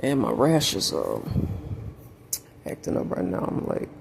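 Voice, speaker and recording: Hoarse, halting man vlogging. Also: deep voice, wildly swooping pitch, a little hiss or hum. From Southern United States. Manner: halting, drifting, full of fillers and restarts. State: losing his voice, unwell. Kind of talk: rambling personal vlog. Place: at home.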